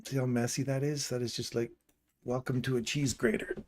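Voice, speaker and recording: A man's voice: mid-range voice, little pitch movement, brisk, a little mellow, slight background noise. A man hosting a live trading stream, casually walking through chart levels and explaining entries as he points them out.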